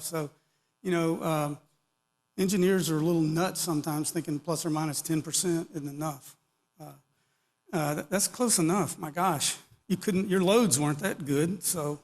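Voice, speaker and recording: A man's voice: on the high side, moderate pace. Folksy man speaking in a reverberant hall. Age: middle-aged or older. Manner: folksy, rambling, joking asides. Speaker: conference speaker. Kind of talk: casual technical talk to an audience.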